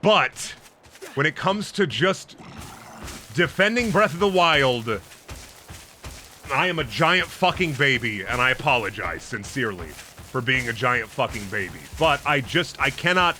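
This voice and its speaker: Bright, animated ranting young man. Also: mid-range voice, unhurried, slight background noise. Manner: profane, emphatic ranting. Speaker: streamer. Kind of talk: ranting casual stream talk.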